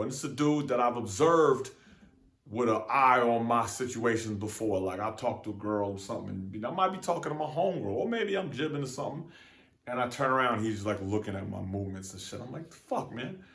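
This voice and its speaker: Slangy young man, echoey room. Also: lowish voice. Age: young adult. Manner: profane, slangy, animated retelling with quoted exchanges. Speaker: podcast host. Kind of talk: casual storytelling monologue.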